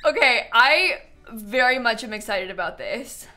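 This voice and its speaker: A bright-voiced woman chats casually as she plays a game on stream, her pitch bouncing up and down. She giggles a lot and answers her chat, with faint music under her voice. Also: lively intonation, a little slow. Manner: chatty, giggly, talks to chat. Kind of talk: casual gameplay commentary.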